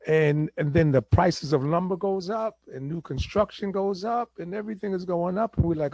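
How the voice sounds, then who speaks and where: A man hosting a real estate talk show, explaining the housing market in casual chat and acting out buyers and sellers in quick asides. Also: fairly high pitch, creaky, darkish tone, no room sound.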